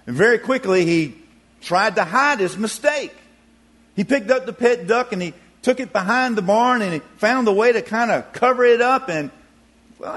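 A man preaching a sermon, telling a story in a folksy, expressive way. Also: sits high.

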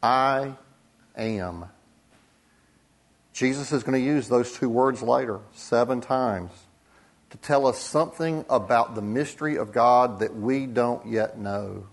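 A man preaching a sermon as pastor, deliberate, with dramatic pauses and soft drops for emphasis. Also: medium pitch, creaky.

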